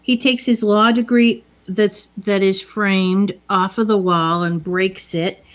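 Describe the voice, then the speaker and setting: A woman's voice: mid-range voice, steady tone, slow pace. A woman casually retelling a movie's scenes, quoting the characters as she goes. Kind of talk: casual movie recap chat.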